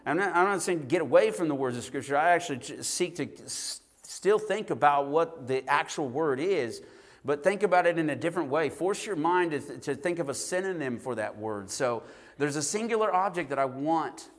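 A man's voice: a little high, expressive, a little fast. A man preaching a sermon, earnest, often repeating words and restarting his sentences. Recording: long reverb in a hall.

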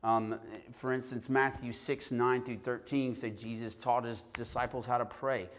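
A man preaches in an earnest, searching way, often doubling back on his words and restarting. His voice sits at a middle pitch. It carries a long reverb from a church hall. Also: little pitch movement, normal speed. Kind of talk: sermon.

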